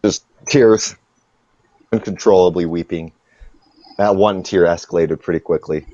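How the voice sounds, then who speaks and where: A man narrating as game master in an online tabletop game, relaxed and playful. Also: low voice, moderate pace, no echo. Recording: slightly dull lo-fi voice call.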